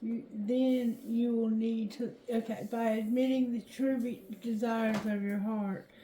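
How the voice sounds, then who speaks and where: A woman doing a tarot reading, reading card text aloud slowly and haltingly, correcting herself as she goes. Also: on the high side, fairly even intonation, mellow. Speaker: tarot reader. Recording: roomy echo.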